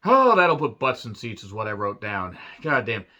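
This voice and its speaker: A man's voice: medium pitch, sing-song, moderate pace, pushed and bright, lo-fi sound. A man reviewing a wrestling show in a profane, sarcastic rant. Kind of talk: ranting review vlog.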